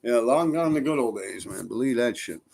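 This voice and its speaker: A New York man streams live, reading viewer comments and rambling along in a laid-back, profane way. His medium-pitched voice is expressive and darkish, with vocal fry and a moderate pace. A little background noise can be heard.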